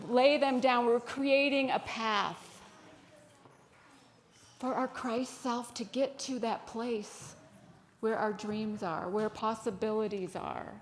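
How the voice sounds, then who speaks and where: A woman with an American accent giving an informal sermon in a church, chatty and quick to laugh as she tells stories. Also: a little high, a little hiss or hum. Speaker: speaker at a spiritual center service. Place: church sanctuary.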